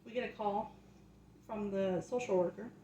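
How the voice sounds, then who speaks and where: A woman's voice: mid-range voice, normal speed, mellow. Young woman, chatty testimony, fervent preaching, echoey room, faint background hiss. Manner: chatty, keeps asking "right?", grows fervent and emphatic. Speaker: vlogger sharing a faith testimony. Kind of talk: casual testimony turning to preaching.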